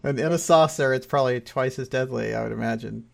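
A man's voice: medium pitch, quick pace, gravelly. A man hosting an interview, asking curious follow-up questions. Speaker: interviewer, host.

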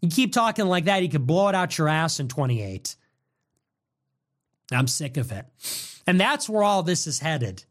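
A man's voice: fairly high pitch, very animated, moderate pace, pauses often, fairly bright tone. A man hosting a political show, delivering an angry, combative monologue.

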